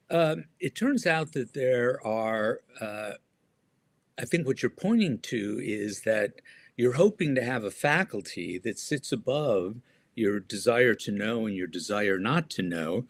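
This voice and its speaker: A man answering interview questions as an author and guest, speaking thoughtfully with frequent pauses and restarts. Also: lowish voice, no room sound.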